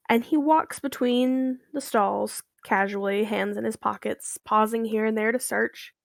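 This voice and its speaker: A woman playing a tabletop game, calmly describing her character. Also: on the high side, vocal fry, no room sound, clean studio sound. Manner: relaxed, descriptive. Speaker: player.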